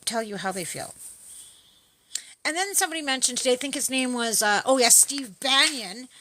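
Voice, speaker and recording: A middle-aged Canadian woman rambles through a swearing-laced political rant as a livestream host. Her voice sits a little high and comes across bright and forceful. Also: no echo. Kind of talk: casual ranting chat.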